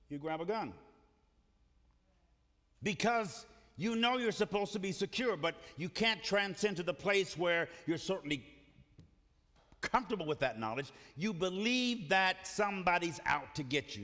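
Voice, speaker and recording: A man's voice: high voice, sharp tone. A man preaching a sermon in a church, emphatic and calling on the congregation to repeat his phrases. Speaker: pastor. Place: church sanctuary. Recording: reverberant church hall.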